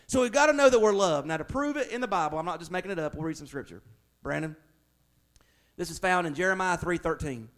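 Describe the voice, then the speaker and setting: A man's voice: high-pitched, a bit bright. A man, a pastor preaching a conversational sermon that builds to emphatic, raised passages.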